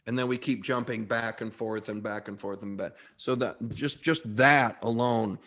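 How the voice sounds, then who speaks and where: A man's voice: on the low side, moderate pace. A middle-aged man, an actor, telling stories in a casual interview with many restarts. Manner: rambling, frequent restarts, lively anecdotes. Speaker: actor, guest.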